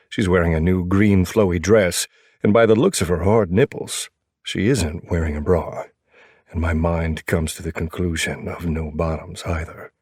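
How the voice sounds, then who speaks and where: A man narrating a first-person romance audiobook in a low, brooding, wry voice. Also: darkish tone, breathy edge, no echo, clean studio sound.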